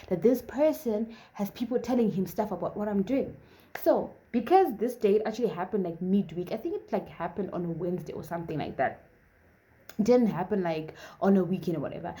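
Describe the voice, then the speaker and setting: A woman's voice: fairly low pitch, warm tone. A young woman in her twenties casually telling a personal story, chatty and full of fillers, acting out the dialogue. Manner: chatty, filler-heavy, acts out quoted dialogue. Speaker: vlogger.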